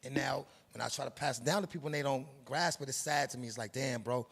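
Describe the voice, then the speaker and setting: Middle-aged Harlem man, New York accent, gravelly and husky, emphatic streetwise interviewee. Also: medium pitch, fast talker, fairly bright tone. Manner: streetwise, preachy, emphatic with slang. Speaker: production company head. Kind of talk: interview, casual monologue.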